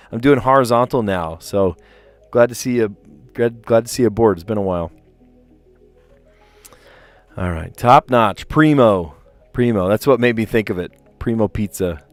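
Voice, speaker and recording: A man casually chatting on a live stream, reading puzzle clues aloud and rambling to his viewers. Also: fairly low pitch. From New Jersey.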